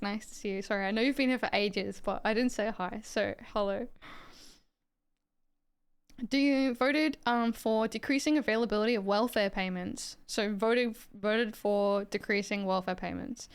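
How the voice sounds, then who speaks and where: A woman's voice: mid-range voice, smooth. An Australian woman streaming live, chatting casually and rambling as she reacts to her chat and swears freely.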